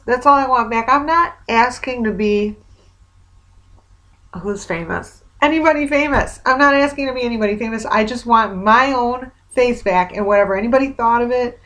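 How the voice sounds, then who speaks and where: A woman's voice: a little high, a bit bright. A woman recording a casual video diary, rambling in an exasperated, wry way. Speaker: vlogger.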